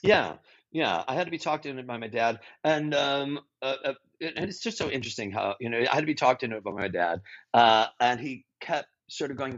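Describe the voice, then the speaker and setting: A husky man in his sixties tells stories in an interview, his pitch swinging up and down as he goes. He restarts and corrects himself often and swears bluntly now and then. The audio sounds dull and lo-fi. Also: moderate pace. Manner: animated, frequent restarts and self-corrections. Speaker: guest improviser and teacher. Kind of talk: storytelling interview talk.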